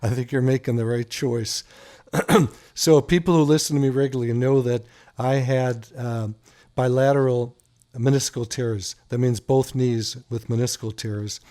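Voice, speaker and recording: A man's voice: medium pitch, fairly even intonation, a little slow, mellow. A man hosting a talk radio show, joking and telling stories in a casual, playful way. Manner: playful, joking, teasing his co-host. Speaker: radio show host, doctor.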